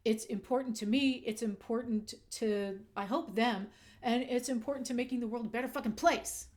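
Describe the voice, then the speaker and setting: A woman's voice: on the high side, steady tone, moderate pace, a little mellow. A woman hosting a casual commentary vlog into a desk microphone, candid and emphatic, swearing when she gets heated. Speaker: channel host.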